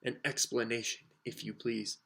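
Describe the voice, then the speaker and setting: A man's voice: medium pitch, flat delivery, moderate pace, creaky, a bit bright. A stern, bullying middle-aged official barks accusations in a hard, commanding voice, played by a male reader. He speaks with blunt authority. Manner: stern, barking.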